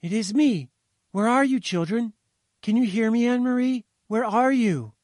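Desperate mother calling for her child, high shouting voice, man putting her on, dry close sound. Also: moderate pace, no room sound. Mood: frantic.

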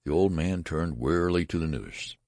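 A man narrating a classic story aloud in an expressive, dramatic reading. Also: rumbling low, moderate pace, no room sound, clean studio sound.

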